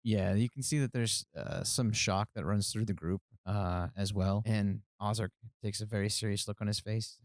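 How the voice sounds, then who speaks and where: A man's voice: fairly low pitch, moderate pace, few pauses, no echo, studio quality. Laid-back male game master. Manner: relaxed, hesitant with fillers. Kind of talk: narrating a tabletop game.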